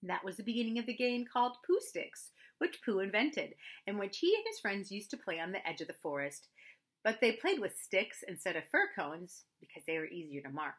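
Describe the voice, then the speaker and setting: A woman gently narrating a children's storybook aloud, with expressive storytelling. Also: mid-range voice, a little fast. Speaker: audiobook reader.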